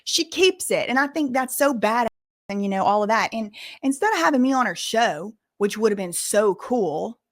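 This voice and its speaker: A young female host of a laid-back commentary channel addresses viewers directly in a fairly high voice at a moderate pace. She is animated and emphatic, throwing in "y'all" and casual slang.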